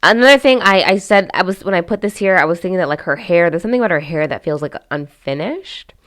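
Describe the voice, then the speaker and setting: A woman's voice: fairly low pitch, animated, fast, fairly bright tone. A woman hosting a casual commentary vlog, chatty and candid, with lots of fillers and restarts as she gives her opinions. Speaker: host.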